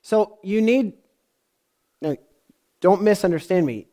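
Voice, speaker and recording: A man's voice: high voice, expressive, takes it slowly, mellow. A man preaching a sermon in a conversational way, often asking his congregation questions. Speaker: pastor.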